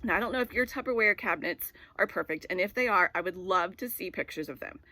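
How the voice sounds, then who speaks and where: A woman's voice: lowish voice, fast, sharp tone, no echo. Rambling woman giving a devotional talk. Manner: rambling, storytelling with filler words. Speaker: devotional speaker.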